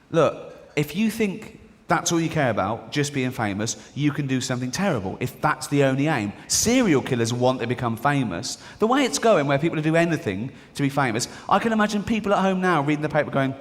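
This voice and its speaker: A man doing a stand-up comedy routine on stage, sardonic and mock-indignant, slipping into voices for the people in his stories. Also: medium pitch. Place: large performance hall. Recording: live hall reverb with audience noise.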